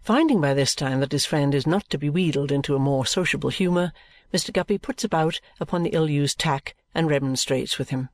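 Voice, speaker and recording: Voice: medium pitch, a little fast, no room sound. Reader narrating a classic novel, dry sound. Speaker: audiobook reader.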